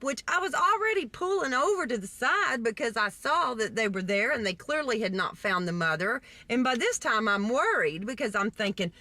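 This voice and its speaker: A woman from Texas telling a story in a vlog, in an animated, indignant way with acted-out quotes. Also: fairly high pitch, normal speed, no echo. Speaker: vlogger.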